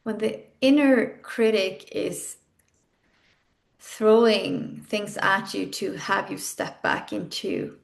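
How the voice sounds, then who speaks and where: Slow, gravelly woman guiding an exercise. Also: medium pitch. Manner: intimate, frank, swears casually, with sighs and laughs. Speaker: podcast host and coach. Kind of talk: guided self-development exercise.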